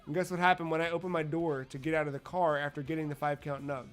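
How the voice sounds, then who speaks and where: Thirty-something male co-host, slightly high voice, rambling profane storyteller, faint music under him. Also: little pitch movement, fast. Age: 30s. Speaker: podcast co-host. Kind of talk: casual chat.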